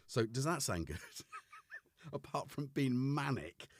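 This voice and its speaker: A man's voice: mid-range voice, big pitch swings, slow, heavy background noise. A man hosting a casual livestream from a home studio, rambling and self-deprecating as he greets his chat by name. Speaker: livestream host.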